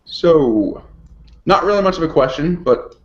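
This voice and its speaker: A male co-host chatting casually, his pitch bouncing all over as he talks and laughs. The recording is roomy and a little dull, like a lo-fi home setup. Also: measured pace. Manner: animated, laughs often. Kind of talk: casual chat.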